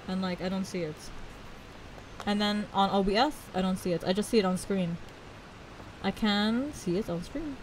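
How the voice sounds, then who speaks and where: A woman's voice: mid-range voice, slight background noise, rough recording. A young woman streaming a video game, chatting casually and giggling, with lots of "like" fillers.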